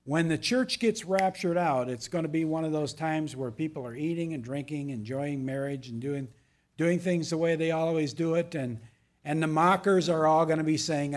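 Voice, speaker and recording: Man, pastor, sermon, slightly high voice, emphatic readings, casual asides. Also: normal speed. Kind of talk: verse-by-verse sermon.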